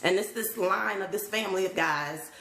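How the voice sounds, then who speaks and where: A woman's voice: medium pitch, moderate pace, fairly bright tone. A woman hosting a casual live stream on her phone, chatting openly, laughing often and greeting viewers. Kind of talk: casual livestream chat. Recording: roomy echo.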